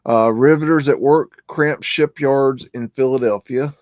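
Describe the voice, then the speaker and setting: A rambling man with a drawl talks through pictures in a loose, unhurried way, his voice sitting at an ordinary middle pitch. The sound is close and dry, with no room around it. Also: a little mellow, no echo. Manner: rambling, scolds his dog in a rough drawl. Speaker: host of a live stream. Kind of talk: casual live commentary over old photos.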